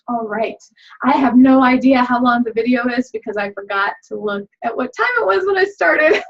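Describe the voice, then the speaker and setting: A woman's voice: medium pitch, husky. A middle-aged woman leading a laughter yoga class, chatty and upbeat, often laughing as she explains. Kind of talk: guided laughter exercise video. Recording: dull lo-fi sound.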